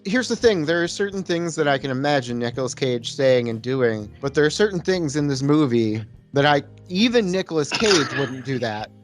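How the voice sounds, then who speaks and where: A man co-hosting a casual movie podcast, recapping scenes in a halting way with restarts. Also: medium pitch, expressive, faint music behind. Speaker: podcast co-host. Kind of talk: casual movie-review chat.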